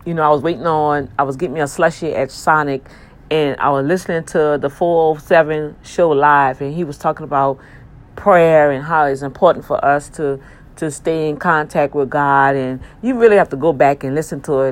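A woman hosting her own internet radio show, talking loosely and warmly to her listeners. Her voice sits low and full. She piles on gospel-flavored exclamations and heartfelt thanks. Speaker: online radio show host. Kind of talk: casual talk with listener shout-outs.

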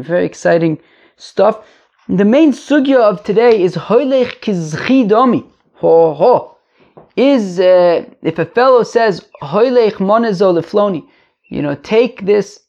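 A man teaches a casual daily Talmud class. He is rambling and chatty, with joking asides, and his voice is gravelly. The recording is a little dull and lo-fi. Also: high-pitched, darkish tone. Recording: lo-fi home mic.

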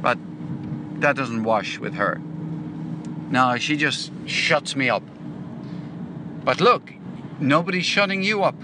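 Slow rambling man, car noise behind. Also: mid-range voice, expressive. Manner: chatty, rambling with fillers. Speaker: podcast host. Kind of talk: casual voice-message chat.

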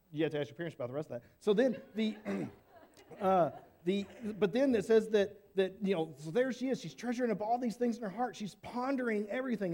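High-voiced man telling a children's Bible story. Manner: animated, casual, asks the listeners questions.

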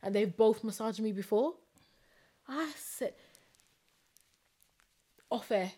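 A woman's voice: a little high, slow, mellow, breathy edge. A woman co-hosting a podcast, telling candid stories in a playful, casual way. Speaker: podcast co-host. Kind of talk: casual chat.

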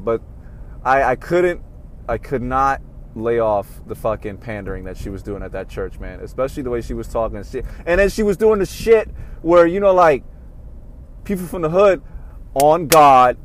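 A man hosting a podcast, ranting casually with lots of swearing, swinging from low mumbled asides to loud heated outbursts. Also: slight background noise. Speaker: podcast host. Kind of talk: casual rant monologue.

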